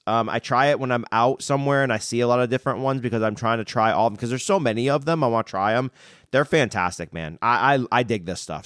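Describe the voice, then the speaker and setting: A man's voice: mid-range voice, fairly bright tone, clean tone, no room sound. Enthusiastic podcast host man, dry close sound. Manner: enthusiastic, laughing, swears casually. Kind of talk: casual chat.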